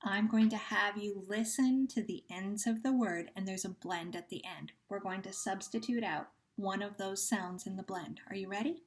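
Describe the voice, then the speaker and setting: A woman teacher leading young children through a phonemic awareness lesson, running patient sound drills and praising each answer. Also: medium pitch. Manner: slow, patient drills with pauses and gentle praise.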